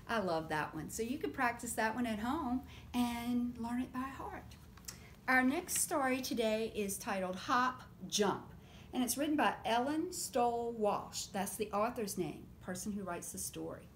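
A woman reading picture books aloud at story time, animated and stopping often to ask the children questions. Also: fairly high pitch, normal speed, a little hiss or hum. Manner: animated, asks children questions and invites them to join in.

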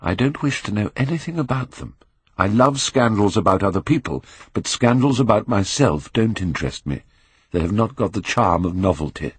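A man voicing a languid, petulant young gentleman, witty and careless. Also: on the low side, lively intonation, normal speed, breathy edge, no room sound. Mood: airy. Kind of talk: audiobook character reading.

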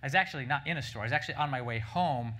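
A middle-aged man gives a keynote talk at a breakfast event, moving briskly through an anecdote. His voice is bright and forward, and his speech is full of quick restarts and "right?" checks to the audience. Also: medium pitch. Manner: animated anecdote-telling with many restarts and "right?" asides. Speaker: marketing executive speaker. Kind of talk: conference keynote storytelling.

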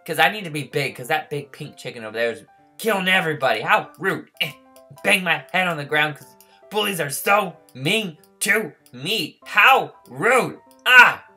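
Excitable gamer guy doing let's play commentary, bright voice, swings all over the place, yelps a lot. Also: on the high side, moderate pace, husky, faint music behind. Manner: excitable, yelping and squealing in mock distress; playful, childlike teasing. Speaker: gaming YouTuber.

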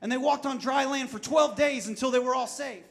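High-voiced man preaching with rising fervor. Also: fairly quick, gravelly. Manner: preachy, rising to shouts and dropping low, repeats himself. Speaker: pastor. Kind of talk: short sermon.

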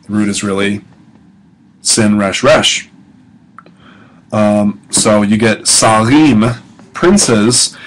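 A male professor talks through a biblical Hebrew grammar lesson in a low voice. His delivery is casual and conversational. He poses rhetorical questions and leans on "um" and "okay" as he goes. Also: a bit bright, poor audio. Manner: conversational, asks rhetorical questions, frequent ums and okays, chuckles. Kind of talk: recorded lecture audio guide.

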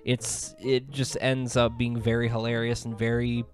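A young man giving comedic commentary with deadpan jokes and sudden laughs. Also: medium pitch, moderate pace, faint music behind. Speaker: commentary YouTuber.

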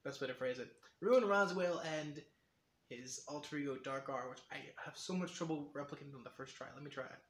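A man's voice: medium pitch, fairly even intonation, fast, hardly any pauses, a bit bright, echoey room, a little hiss or hum. Rambling man with a sore, strained voice. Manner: rambling, constantly correcting himself. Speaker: vlogger. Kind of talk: casual rambling vlog talk.

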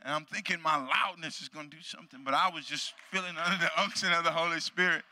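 A man preaching a sermon in a church, telling a story dramatically and swinging from loud shouts to hushed near-whispers. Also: a little high, quick pace, few pauses, in a large hall. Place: church sanctuary.

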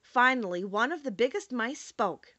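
Bright, lively woman narrating a storybook. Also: fairly high pitch, no echo. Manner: expressive and measured. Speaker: audiobook narrator.

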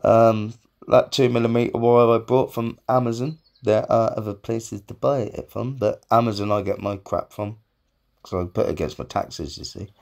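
A man's voice: fairly low pitch, steady tone, moderate pace, vocal fry, darkish tone. A man, a self-employed gardener chatting casually on his vlog, rambling, joking and swearing as he goes.

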